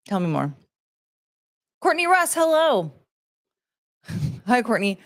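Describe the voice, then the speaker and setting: A woman's voice: mid-range voice, big pitch swings, takes it slowly, pauses often. Chatty woman hosting a livestream. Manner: chatty, greets viewers, sing-song asides. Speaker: livestream host. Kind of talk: casual livestream chat.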